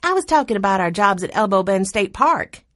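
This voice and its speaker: A woman's voice: mid-range voice, sing-song, fairly quick, fairly bright tone, no echo, studio quality, pitched above the performer's own voice. A woman voicing a friendly, upbeat young college student in a storybook reading.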